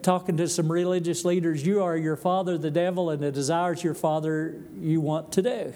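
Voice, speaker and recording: Slow, gravelly preacher. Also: male voice, sits high, mellow. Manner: asks the congregation questions, dry asides. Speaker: pastor. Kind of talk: sermon.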